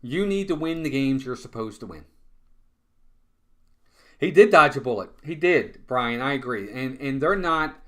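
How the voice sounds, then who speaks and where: A man doing live fan play-by-play of a baseball game, talking to his chat and venting when calls go against his team. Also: mid-range voice. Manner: excitable, groans and vents frustration at calls.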